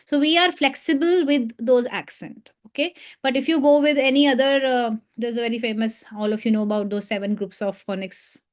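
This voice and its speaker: Speaking a little fast with hardly any pauses, a slightly high-voiced woman with an Indian English accent runs a live online phonics lesson. She demonstrates letter sounds and drills each one through short repeated practice.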